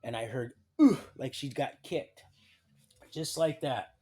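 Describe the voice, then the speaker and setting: A man talking in a loose, rambling way, often breaking off mid-sentence and starting over. He reads papers aloud and drops wry comments between the lines. His voice sits at an ordinary, middle pitch. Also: husky. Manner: halting, many restarts and trailing sentences. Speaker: livestream host. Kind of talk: rambling personal storytelling.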